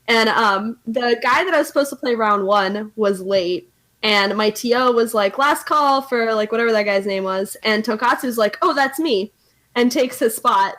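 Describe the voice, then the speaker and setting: A woman's voice: on the high side, moderate pace, fairly bright tone. Laughing young woman telling a story. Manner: storytelling with frequent laughs and fillers. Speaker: podcast guest. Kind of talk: casual chat.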